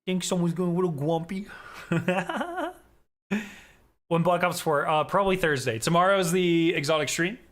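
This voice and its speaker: A man on a live stream with a crisp, bright voice that sits a little high for a man. He rambles in loose, profane chat and speaks directly to his viewers. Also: lively intonation, unhurried, long pauses. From Southern United States.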